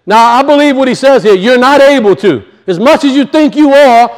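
High-voiced male pastor preaching. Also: animated, brisk, hardly any pauses. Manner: conversational preaching, acts out voices, drops low for asides. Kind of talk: sermon.

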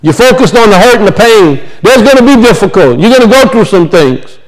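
A man with a strikingly high voice, preaching to his church. He reads a passage of scripture, then drives its point home by repeating key phrases with emphasis. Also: sing-song, fairly quick, low-quality recording. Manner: preaching, reading scripture aloud then expounding with emphatic repetition. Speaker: pastor. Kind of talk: sermon.

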